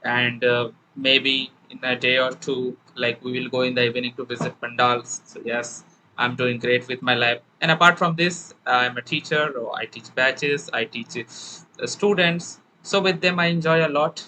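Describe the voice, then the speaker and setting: Bright-voiced Indian English teacher. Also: male voice, medium pitch, steady tone, normal speed, slight background noise, low-quality recording. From Bengal, India. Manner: explains with many "right?" tag questions. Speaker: English teacher and channel host. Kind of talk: casual conversational interview.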